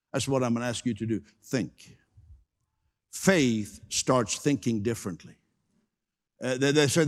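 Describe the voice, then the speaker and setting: Emphatic preacher in an echoing hall. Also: male voice, medium pitch, unhurried, long pauses. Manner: emphatic, repeats key phrases, invites congregation to respond. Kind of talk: sermon.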